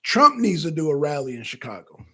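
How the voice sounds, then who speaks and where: Male co-host, high husky voice, animated and profane casual commentary. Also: brisk. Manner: animated, profane, chatting directly to viewers. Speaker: political talk show co-host.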